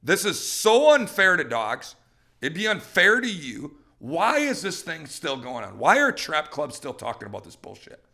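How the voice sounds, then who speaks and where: A fired-up middle-aged man hosting a dog-training podcast, talking in a bright, tense voice that sits a little high for a man. He swings his pitch widely and slips into quick voices for dogs and people. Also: wildly swooping pitch, creaky.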